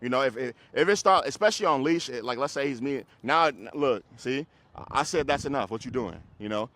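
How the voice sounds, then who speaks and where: A man who trains dogs, coaching a group class in a casual, hands-on way, giving quick commands to dogs and explanations to owners. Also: mid-range voice, lively intonation, fairly bright tone, dry recording. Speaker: dog trainer.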